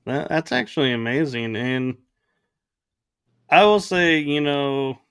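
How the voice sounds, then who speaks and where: Man hosting, lively and enthusiastic. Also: mid-range voice, slow, clear, resonant tone, dry recording. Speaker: podcast host. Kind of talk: casual interview chat.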